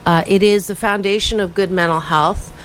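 Woman radio host, mid pitch, chatty and self-promoting, studio mic, faint hiss behind. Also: moderate pace, low-quality recording. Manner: animated, self-promoting, conversational with frequent fillers. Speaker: radio talk show host and happiness coach. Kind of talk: talk radio monologue.

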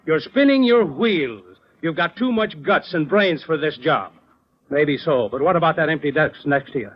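An actor playing a stern, sarcastic older insurance boss in 1940s radio-drama style, with a husky voice, on a lo-fi old broadcast. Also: male voice, on the high side, lively intonation, moderate pace, a little hiss or hum, lightly acted. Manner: cutting, sarcastic, lecturing.

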